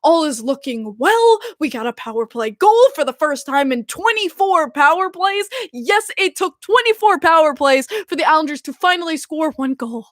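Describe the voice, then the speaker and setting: A young woman hosting a hockey podcast, excitable and giggly, rambling with frequent restarts like a self-declared fangirl. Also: high voice, moderate pace, hardly any pauses, no echo, clean studio sound. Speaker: podcast host. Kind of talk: casual chat.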